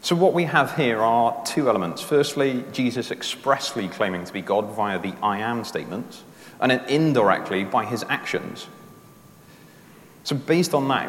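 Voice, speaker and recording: Man preaching in an echoey hall. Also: mid-range voice. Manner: conversational, explaining step by step with everyday examples. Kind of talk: sermon. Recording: roomy echo with long reverb in a hall.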